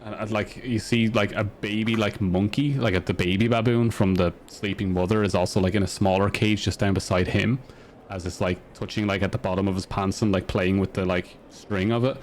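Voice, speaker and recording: A man running a tabletop game as dungeon master, rambling with lots of fillers and quick laughs. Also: lowish voice, steady tone, a little hiss or hum.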